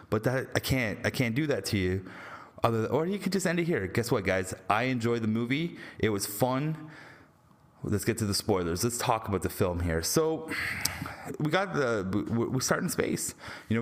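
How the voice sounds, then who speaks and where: A young Canadian man talking casually through a movie review with spoilers, rambling and excitable, swearing freely and laughing often. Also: fairly low pitch.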